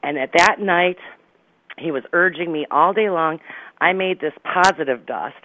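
A woman's voice: fairly low pitch, a little slow, no echo. Middle-aged woman, psychic medium guest, dramatic storytelling, laughs often, dull lo-fi radio sound. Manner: lively, dramatic retelling with laughs. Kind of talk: animated personal storytelling.

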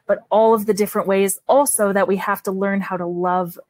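Gushing Canadian woman, crisp and dry. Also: mid-range voice, steady tone, fairly quick, a little mellow, no room sound. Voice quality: gushing, enthusiastic. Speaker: guest author. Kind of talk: casual interview.

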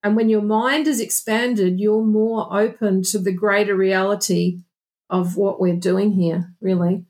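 A woman's voice: mid-range voice, steady tone, measured pace, a little mellow. Earnest, reflective woman therapist talking. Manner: earnest, reflective, with frequent restarts and "you know". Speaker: guest, past life regression therapist. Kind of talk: casual conversational interview.

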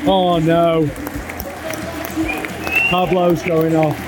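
A man's voice: on the high side, little pitch movement, extremely slow, very noisy. A man in a football stadium chanting players' names and giddily narrating the score. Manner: chanting, giddy. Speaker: football fan. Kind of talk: chanting, commentary in a crowd. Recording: loud music and crowd behind.

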